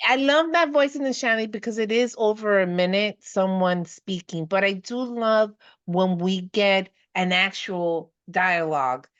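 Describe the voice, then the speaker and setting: A woman, a guest on a podcast, speaking hesitantly with many fillers, warming into enthusiasm. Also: mid-range voice, a little slow, dry recording. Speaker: guest paranormal investigator. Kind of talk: casual podcast chat. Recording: muffled lo-fi audio.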